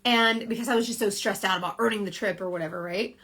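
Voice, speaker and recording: Speaking into her phone for a social media livestream, a woman who leads a direct sales team gives a loose, rambling pep talk full of "like" and self-corrections. Her medium-pitched voice moves quickly, a bit bright with a breathy edge.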